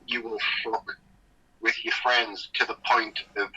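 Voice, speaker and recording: Husky man heard far off on a call. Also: lowish voice, little pitch movement, a little slow, sharp tone. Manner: teasing, sweary. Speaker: podcast guest. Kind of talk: casual podcast chat over a call.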